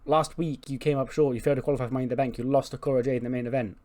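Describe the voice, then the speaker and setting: A man's voice: medium pitch, fairly even intonation, rapid-fire, dark tone, close to an everyday voice. Persistent female backstage interviewer, pointed questions, voiced by a man. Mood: probing. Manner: pressing questions.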